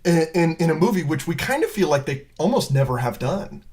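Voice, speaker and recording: A man hosting a podcast, chatting casually, giving quick agreeing replies while running the segment. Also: a little high, sing-song, a little mellow. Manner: agreeable, quick affirmations, runs the bracket. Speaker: podcast host.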